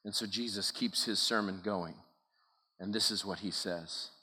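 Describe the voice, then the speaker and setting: A man's voice: on the low side, normal speed, sharp tone, husky. A man preaching a sermon as a camp speaker, driving his points home with emphatic, repeated phrases. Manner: emphatic, repetitive preaching cadence. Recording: long hall reverb.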